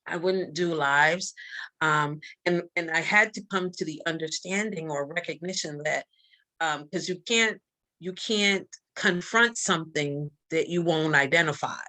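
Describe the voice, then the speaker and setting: A woman with a light Barbadian accent speaks in a fairly low voice on a live video call. She talks emphatically, repeating her key lines with a preacher's punch. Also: a little slow, bright, forceful tone. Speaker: guest, magazine publisher and coach. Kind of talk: live-stream interview.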